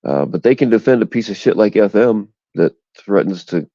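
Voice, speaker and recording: Deep dark-toned guy venting on his stream, cussing, dry dull phone audio. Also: lively intonation, normal speed, no room sound. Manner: blunt, profane, indignant ranting. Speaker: livestream host. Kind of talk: casual livestream chat. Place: outdoors in the cold.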